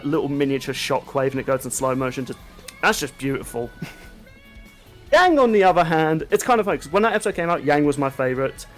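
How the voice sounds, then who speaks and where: A man co-hosting a casual podcast chat, rambling and laughing often at himself. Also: a little high. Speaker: podcast co-host.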